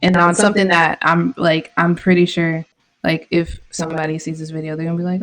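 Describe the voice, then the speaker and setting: A woman's voice: lowish voice, little pitch movement, fairly quick, fairly bright tone, rough recording. A woman vlogging her trades in casual live commentary, slangy and irritated, swearing often. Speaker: trading vlogger.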